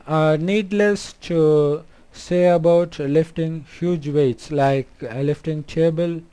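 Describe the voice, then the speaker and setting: Man healer talking slow and soft, lots of uhs, smooth mellow voice. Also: fairly high pitch, steady tone. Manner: halting, with frequent um and uh; softly spoken. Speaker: spiritual healer. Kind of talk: demonstrating and explaining.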